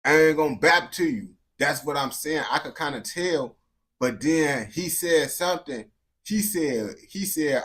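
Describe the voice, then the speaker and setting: A man's voice: medium pitch, moderate pace. A young man talking loosely to his chat while reacting to a video, rambling and calling everyone bro. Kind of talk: casual live reaction chat.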